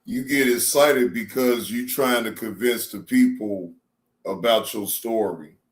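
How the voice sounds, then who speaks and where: A man's voice: medium pitch, measured pace. A man hosting a reaction stream, commenting casually and calling his viewers family. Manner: laid-back, addresses viewers as family. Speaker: reaction show host.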